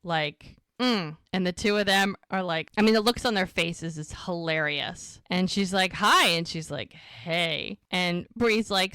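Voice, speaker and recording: A woman co-hosting a podcast, casually retelling scenes and acting out the characters' lines in quick voices. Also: fairly low pitch, a bit bright, clear, resonant tone, no room sound. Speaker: podcast co-host recapping episodes.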